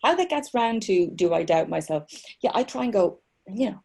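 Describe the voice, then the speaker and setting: A woman's voice: mid-range voice, animated, moderate pace, creaky, mellow, slightly rough. A middle-aged woman, chatting as an author guest over a video call from home, rambling and self-mocking with many restarts. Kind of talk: casual chat.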